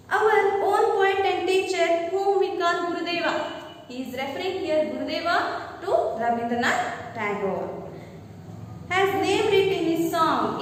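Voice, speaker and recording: A woman's voice: high-pitched, slight background noise. A woman teaching a lesson. She reads a textbook passage aloud and explains it line by line, often asking "okay?". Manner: reads the text aloud, then explains it with frequent "okay?" and "means". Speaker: English teacher. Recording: very echoey room, voice far from the mic.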